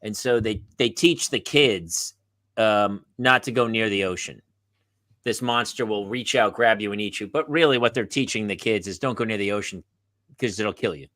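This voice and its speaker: A man, a comedian and podcast host, telling a sarcastic story and acting out the shouted quotes. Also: fairly low pitch, moderate pace, no room sound. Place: live podcast set.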